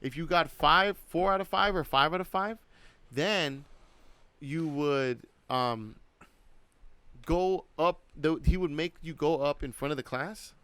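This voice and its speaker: A man's voice: a little high, unhurried, pushed and bright, clean tone, no echo. A man in his thirties co-hosting a podcast, telling a long story in casual chat, packed with "like" and swearing. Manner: rambling, heavy use of "like", swears freely. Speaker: podcast co-host.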